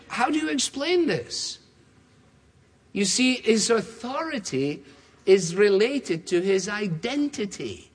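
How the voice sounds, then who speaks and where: A male preacher with a fairly high voice delivers a sermon with emphatic, rhetorical drive, building lists of repeated phrases and slipping in quick asides. The sound rings with the long reverb of a large church hall. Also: fairly bright tone, husky.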